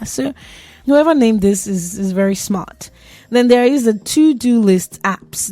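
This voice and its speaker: A woman's voice: a little high, a little mellow, dry recording. A young woman hosting a radio show, talking about tech in a chatty, joking way and laughing at herself. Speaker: radio host. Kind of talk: casual tech talk on radio.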